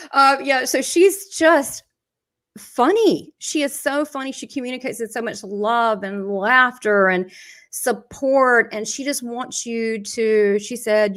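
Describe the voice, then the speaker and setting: A woman's voice: on the high side, fairly bright tone. Chatty Southern woman giving a reading. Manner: chatty, laughs often, relays quotes from spirit. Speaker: psychic medium. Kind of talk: live medium reading.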